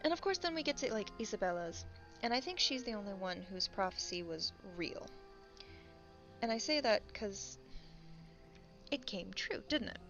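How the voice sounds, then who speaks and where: A woman's voice: medium pitch, big pitch swings, a bit bright. A woman chatting casually while she draws, rambling and laughing often as she talks. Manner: rambling, laughs often, acts out quick voices. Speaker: content creator. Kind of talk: casual chat while drawing. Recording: dull lo-fi mic with faint background music.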